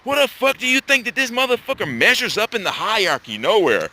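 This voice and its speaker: A man's voice: very high-pitched, very animated, fast talker, pushed and bright. A man delivering a profane, agitated, combative ranting monologue as host of his own channel.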